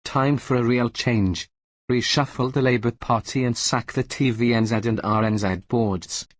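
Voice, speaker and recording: A man's voice: medium pitch, fairly even intonation, normal speed, no echo. A man delivering a scripted political opinion monologue in an indignant, mocking manner. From New Zealand. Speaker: political commentator.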